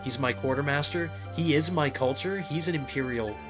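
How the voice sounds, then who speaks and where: A man hosting a let's play, giving casual gameplay commentary and getting excitable as he thinks aloud. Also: on the high side, moderate pace. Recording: game music playing under the voice. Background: game music.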